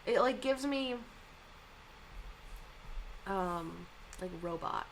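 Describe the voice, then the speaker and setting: A young woman talks casually with a lively, bouncing pitch, full of likes and ums. Faint background hiss sits under her voice. She sounds like a streamer chatting to her viewers. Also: extremely slow, vocal fry, low-quality recording. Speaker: streamer reading manga and reacting. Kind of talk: casual chat.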